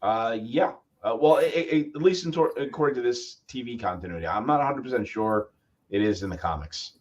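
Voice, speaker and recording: A man's voice: medium pitch, animated, brisk. A man co-hosting a live review show in casual chat, rambling and restarting his sentences as he thinks aloud.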